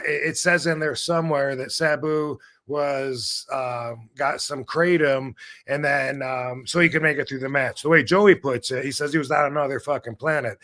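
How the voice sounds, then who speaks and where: A middle-aged man hosting a casual live-stream chat, rambling and animated, swearing freely as he talks over a video call. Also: on the high side. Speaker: show host. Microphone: video call setup.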